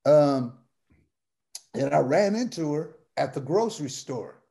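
A man in casual podcast conversation, his voice sitting a bit higher than most men's. He tells his story in loose street slang with a lively rhythm and chuckles at his own lines. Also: a little slow, creaky. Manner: slangy, animated, laughs through his punchlines. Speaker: guest comedian telling a life story.

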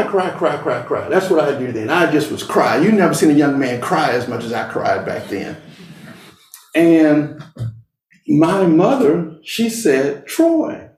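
A middle-aged man shares a personal story with an audience in a slow, earnest, deliberate way, leaving long pauses between phrases. His voice sits slightly high for a man. The sound is roomy and picked up from some distance on a stage. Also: darkish tone. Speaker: speaker.

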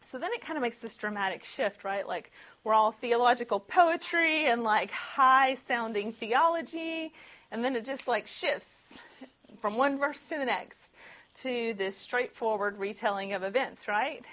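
A woman's voice: on the high side, unhurried, fairly bright tone, lo-fi sound. A woman teaching a group Bible study in a casual, conversational way, laughing often and tossing in asides.

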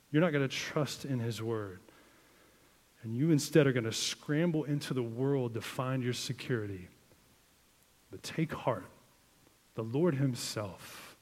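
A man preaching a sermon in a casual, conversational way, full of "like", swinging between emphatic outbursts and quiet, hushed passages. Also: medium pitch, unhurried, long pauses. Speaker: pastor. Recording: long hall reverb.

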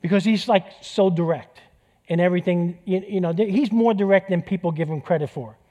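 A man's voice: sits high, a little fast, highs cut off. A middle-aged man preaching a sermon in a church, conversational, joking and repeating key phrases for emphasis. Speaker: pastor.

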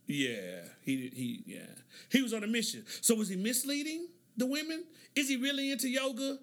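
A man's voice: high-pitched, big pitch swings, brisk, few pauses, fairly bright tone. A middle-aged man hosting a casual monologue, telling stories in a laid-back way, laughing often and acting out the lines of the people in them. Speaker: podcast host.

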